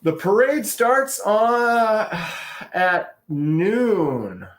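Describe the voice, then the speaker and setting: Slow-talking man in an echoey garage. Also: sits high, big pitch swings. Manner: rambling, chuckling, thinks aloud. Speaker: livestream co-host. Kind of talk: casual chat. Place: garage, indoors. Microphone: phone.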